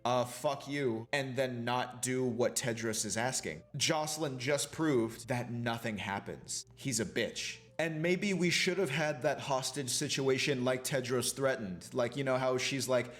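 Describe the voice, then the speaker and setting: A man's voice: mid-range voice, measured pace, few pauses, fairly bright tone. A man, a film student, reviewing a TV show in a casual, profane rant full of fillers. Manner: profane, ranting, many fillers like "you know".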